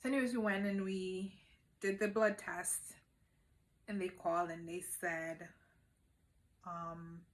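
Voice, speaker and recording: A woman vlogger candidly telling a personal story at home, emotional and at times quiet and subdued. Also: lowish voice, level tone, slow pace, long pauses.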